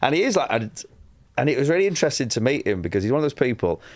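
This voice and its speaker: A man from northwest England with a northwest English accent, a comedian guest telling stories on a podcast, animated and swearing, laughing through his stories. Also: medium pitch, very fast, dry recording, studio quality. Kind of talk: anecdotal podcast storytelling.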